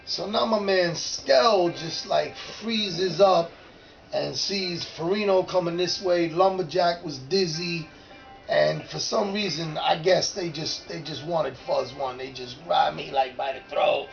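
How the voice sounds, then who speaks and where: A man in his fifties, a former graffiti writer, telling an animated, profane story in casual street talk. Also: fairly high pitch, slow, highs cut off, soft background music. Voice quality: gravelly.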